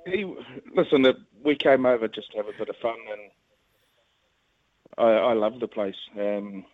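A man's voice: on the low side, normal speed. A man in his fifties with a New Zealand accent, a rugby league club chief chatting as a phone guest in a rambling, friendly way, chuckling now and then. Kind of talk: casual phone interview. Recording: tinny phone line.

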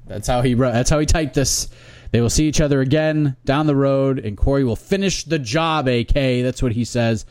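A man's voice: medium pitch, normal speed, a little mellow, no room sound. Wry man reading emails, dry sound. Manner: wry, reads listener emails aloud. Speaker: podcast co-host. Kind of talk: casual sports podcast chat.

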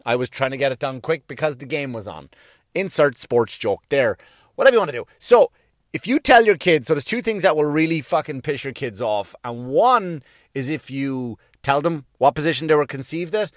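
A man's voice: mid-range voice, moderate pace, no echo, clean studio sound. A middle-aged Irish man doing a stand-up routine, rambling, profane and self-mocking, with many restarts. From Ireland. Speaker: stand-up comedian.

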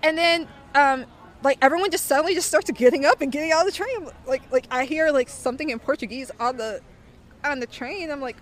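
A young woman telling a story in a casual, animated way, full of fillers and acted-out voices. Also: high-pitched, brisk. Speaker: interviewee.

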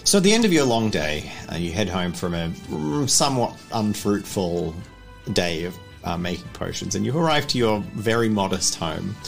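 Male game master, lively voice, relaxed rambling narration, soft music behind. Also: on the low side, normal speed, creaky. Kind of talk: narrating a tabletop role-playing game.

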